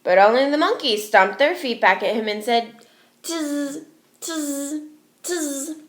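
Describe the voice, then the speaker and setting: A woman teacher reading a storybook aloud to young children, expressive and slow, asking her listeners questions. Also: fairly high pitch. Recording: echoey room.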